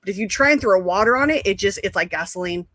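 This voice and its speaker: Bright-voiced, profane woman telling stories. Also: mid-range voice, fast talker, no room sound. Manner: animated, profane storyteller. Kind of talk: casual chat on a live stream.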